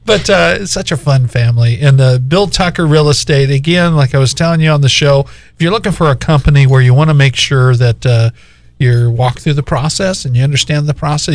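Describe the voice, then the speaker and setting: A middle-aged man hosting a business talk show, chatting casually and laughing often as he tells stories. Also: mid-range voice. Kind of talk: casual interview chat.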